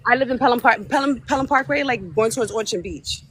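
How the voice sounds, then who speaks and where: A woman's voice: on the high side, fast, fairly bright tone. A woman from the Bronx with a New York accent, a podcast guest on a video call, talking in brash casual chat with laughs and swearing.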